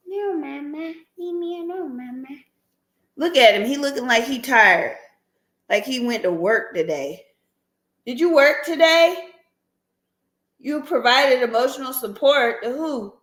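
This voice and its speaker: A woman hosting a casual live stream, chatty and laughing often, talking aside to her dog. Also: medium pitch.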